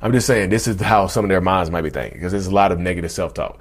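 A man in his thirties with a baritone voice, hosting a podcast in a casual, rambling monologue that often restarts and calls listeners y'all. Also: fast talker. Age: 30s. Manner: rambling, repeats himself, addresses listeners as y'all. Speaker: podcast host.

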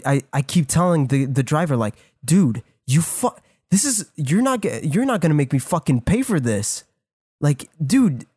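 A man co-hosts a podcast, his voice on the high side with a breathy edge, recorded dry with clean studio sound. He tells a story in casual chat, excitedly retelling it, swearing constantly and acting out what people said.

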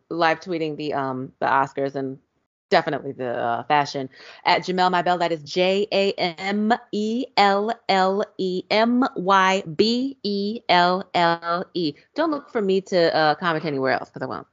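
A woman co-hosting a casual podcast, blunt and quick to shut a topic down. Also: on the low side. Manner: blunt, cuts topics short. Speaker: podcast co-host. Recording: dull lo-fi sound.

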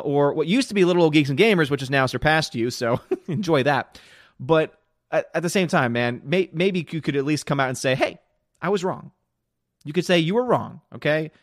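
Guy hosting a livestream, reads out chat names, opinionated rambling, kinda high voice, dry close sound. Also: dry recording. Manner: chatty, opinionated, greets viewers by name. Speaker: livestream host reading chat. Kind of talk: casual live-stream commentary.

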